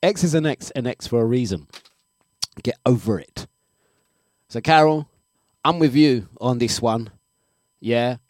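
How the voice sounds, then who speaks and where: Laughing radio host. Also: male voice, mid-range voice, unhurried, pauses often, dry recording, studio quality. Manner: animated, laughs often, repeats himself. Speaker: radio DJ and breakfast show host. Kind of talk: casual live radio chat.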